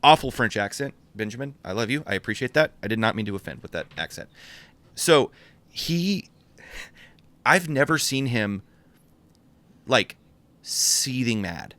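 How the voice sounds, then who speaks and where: A man co-hosting a podcast, telling animated stories and often laughing as he goes. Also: medium pitch, a little slow, pauses often, no room sound. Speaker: podcast co-host and menswear store buyer. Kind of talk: casual podcast storytelling.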